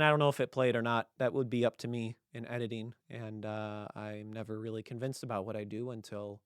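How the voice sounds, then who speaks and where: A young man hosts his own show in a loose, comedic monologue, piling up deadpan jokes and rambling asides. His voice is smooth and clear, sitting at an ordinary pitch. The sound is close and dry, with no room around it. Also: no room sound. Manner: rambling, joking, deadpan sarcasm. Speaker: podcast host.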